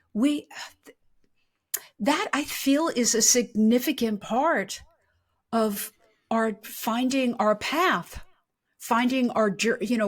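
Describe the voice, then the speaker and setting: A woman hosting a podcast, talking casually with her guest. She affirms him often with "mm-hmm" and "yeah.". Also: on the high side. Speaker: podcast host. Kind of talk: casual conversational interview.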